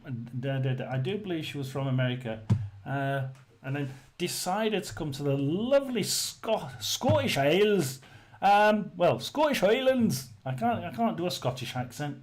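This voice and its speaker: A man's voice: on the high side, lively intonation, moderate pace. Rambling man hosting a live chat. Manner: rambling, many fillers and restarts. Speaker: livestream host. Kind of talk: casual livestream chat reading comments.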